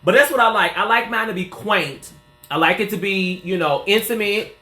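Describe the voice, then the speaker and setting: Man, 40s, stylist host: high bright voice, sassy chatter, small echoey salon. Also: moderate pace. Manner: sassy and chatty, calls viewers girl and honey. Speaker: hairstylist and salon owner. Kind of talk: casual live chat with viewers during a salon tour. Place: small indoor hair salon. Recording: roomy small-room sound.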